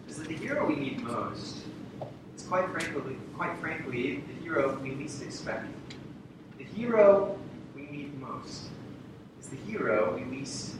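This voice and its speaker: A man preaching a sermon to a congregation, repeating key phrases for emphasis and asking rhetorical questions. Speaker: pastor. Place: church sanctuary. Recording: very echoey hall, distant mic, rumble.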